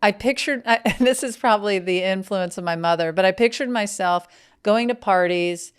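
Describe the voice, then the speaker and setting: A middle-aged woman from Mississippi, a guest telling stories in a dry, unhurried, deadpan way. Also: mid-range voice, clean tone. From Mississippi, USA. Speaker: podcast guest. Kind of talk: casual comedic chat.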